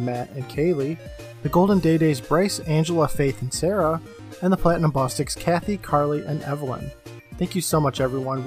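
A man co-hosting a podcast, reading upbeat announcements and recapping a TV episode in a loose, chatty way. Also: a little high. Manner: upbeat, rapid scripted announcements, then a loose plot recap. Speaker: podcast co-host.

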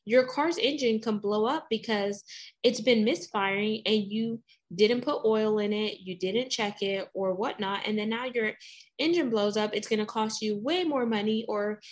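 A woman's voice: mid-range voice, normal speed. A woman hosting and coaching, chatting eagerly and telling everyday stories. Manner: enthusiastic, tells anecdotes. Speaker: host and coach. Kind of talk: casual chat.

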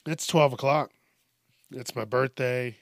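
A man in his thirties hosts a solo podcast from a small home studio, speaking into a studio microphone with no room sound. His medium-pitched voice is steady and a bit bright. He rambles and swears, halting often with fillers and restarts.

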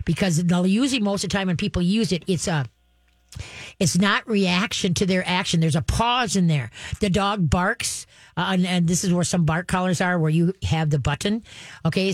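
A woman's voice: fairly low pitch, no room sound, clean studio sound. A woman who hosts a call-in advice show as a dog trainer, talking in a folksy, emphatic way and using playful sayings.

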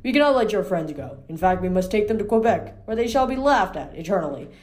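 A woman's voice: mid-range voice, expressive, quick pace, a little mellow, close to an everyday voice. Lady reading as a vain flirty wind-god guy, flowery and courtly, storybook read-aloud.

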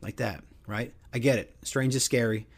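Crude, joking middle-aged podcast host. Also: male voice, medium pitch, steady tone, normal speed, vocal fry, breathy edge. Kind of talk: casual sports talk.

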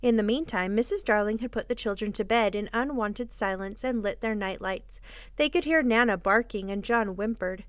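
A woman host reading a children's classic aloud in an expressive, measured storybook style. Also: medium pitch, no room sound, studio quality. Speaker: podcast host and reader. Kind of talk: storybook narration.

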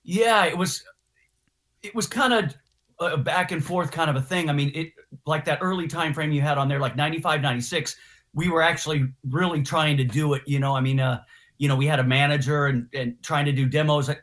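A guitarist guest telling stories in a casual interview, slangy and animated, acting out what others said. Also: male voice, a little high, fairly quick. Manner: animated storyteller, slangy, acts out quotes. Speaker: guest musician.

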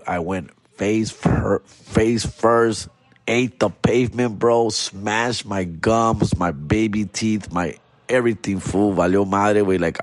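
A podcast host with a fairly low voice tells a story casually, full of street slang and Spanish phrases, and he keeps saying "fool" and "dog." No room sound is audible.

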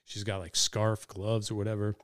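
A middle-aged man, a pizza shop owner, telling animated stories as a podcast guest, swearing casually. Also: lowish voice, normal speed, dry recording, clean studio sound. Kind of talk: casual storytelling. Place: podcast studio.

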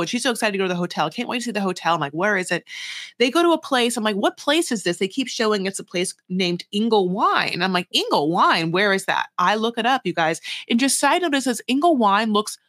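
A woman's voice: mid-range voice, big pitch swings, quick pace, fairly bright tone, no room sound, studio quality. A woman co-hosting a podcast in casual chat, riffing emphatically and acting out quoted asides. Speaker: podcast co-host.

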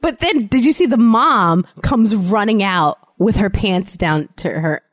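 Playful chatty woman hosting, dry close sound, mid pitch. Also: lively intonation, no room sound. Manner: playful, chatty, quick to laugh. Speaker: podcast host. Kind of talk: casual chat.

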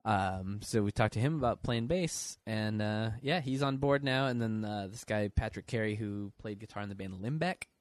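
A man's voice: on the low side, normal speed, few pauses. A man, a musician guest on a podcast, chatting casually with a lot of hesitation and restarting. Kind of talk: casual interview chat.

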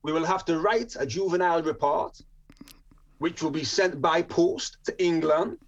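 A man's voice: a little high, moderate pace, highs cut off. A man voicing a formal Jamaican probation officer in a put-on Jamaican accent, with stiff, officious legal phrasing.

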